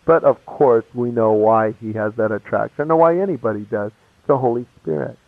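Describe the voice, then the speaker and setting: A man's voice: medium pitch, brisk, dry recording. A man preaching a sermon, telling his own conversion story in a casual, slangy way. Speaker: pastor. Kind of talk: sermon with personal testimony. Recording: tinny phone-like radio broadcast.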